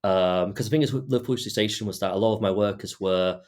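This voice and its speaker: A young man with a fast, lowish, darkish voice, raised between Britain and Australia, hosts a podcast. He tells a casual story hesitantly, packed with fillers and restarts.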